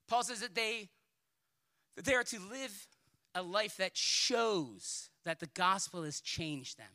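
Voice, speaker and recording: Male pastor, sermon, fervent and pleading, fairly high voice, very bright forceful tone. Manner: passionate, pleading, emphatic preaching; colloquial asides and repeated words.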